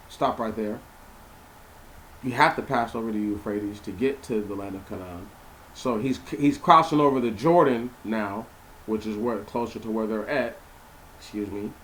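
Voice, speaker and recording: A man's voice: lowish voice, a little hiss or hum. A young man reading scripture aloud and breaking off to explain it casually, repeating himself and asking listeners questions. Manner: animated, repeats words, asks listeners questions. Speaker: Bible teacher. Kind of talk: informal Bible reading and commentary.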